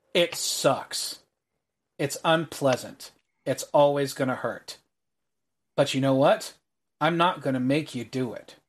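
A man with an everyday mid-pitched voice runs a tabletop game as its game master. He narrates the scene and drops low and quiet when he voices the characters.

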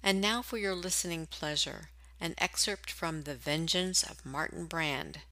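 A woman reads a scripted introduction slowly and deliberately. Her voice is bright and forceful, though it sits a little low. The recording is close and dry. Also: no room sound, poor audio. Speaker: announcer introducing a radio play. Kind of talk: scripted promo narration.

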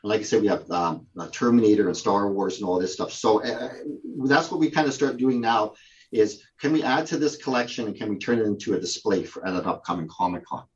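A man's voice: fairly low pitch, brisk, dull audio. A man, a guest who owns a prop company, telling a story in casual conversation, with many fillers and restarts.

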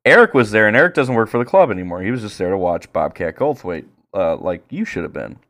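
A man co-hosting a podcast, telling stories in crude, animated casual chat and jumping into high-pitched impressions. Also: fast talker. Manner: profane, animated storyteller doing high impressions. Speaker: podcast co-host.

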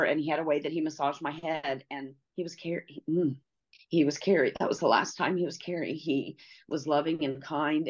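A middle-aged woman telling a personal story as an interview guest, halting and pausing, often restarting her sentences. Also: low voice. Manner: halting, with many pauses and restarts. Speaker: podcast guest. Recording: slightly dull lo-fi audio.

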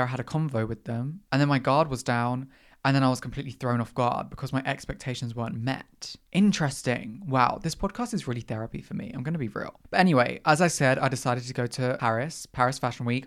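A podcast host telling a story in casual, animated chat full of slang and dramatic asides. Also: medium pitch.

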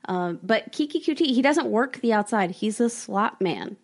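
A woman co-hosting a podcast, chatting casually in a playful, joking way while giving quick analysis. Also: on the high side, lively intonation. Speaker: podcast co-host.

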